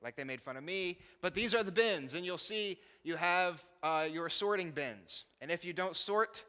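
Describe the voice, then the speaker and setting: A man with a bright, forceful, resonant voice, pitched slightly high for a man, speaks at a normal pace as a missionary pastor giving a casual slide talk. He laughs often and pokes fun at himself, while a long reverb fills the church hall around him.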